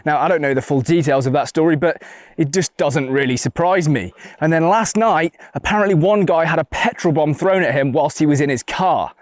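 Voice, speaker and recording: A man gives blunt, combative commentary to the camera. His voice sits a little high, and the recording is dry and close with no room sound. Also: brisk, no echo. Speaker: political video commentator. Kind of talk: scripted video commentary.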